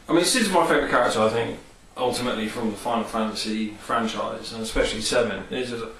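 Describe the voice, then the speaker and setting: A man's voice: lowish voice, fast talker, vocal fry, hardly any pauses, recorded from a distance, a crowd in the background. A man chatting casually and enthusiastically about favourite film scenes, rambling with many fillers. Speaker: vlogger. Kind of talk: casual film and game review. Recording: echoey room, off-mic, faint hiss.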